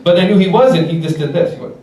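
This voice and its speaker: Animated male stand-up comic in echoey club. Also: sits high, fast talker. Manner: animated storytelling, chuckling through punchlines. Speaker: stand-up comedian. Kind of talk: stand-up comedy set. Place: comedy club stage. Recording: echoey club from a distance, loud noise.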